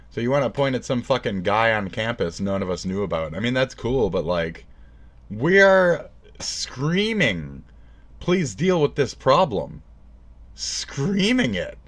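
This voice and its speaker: Sarcastic, cursing male streamer, low voice. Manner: profane, sarcastic, swings between shouting and mumbling. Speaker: livestreamer. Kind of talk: casual stream rant.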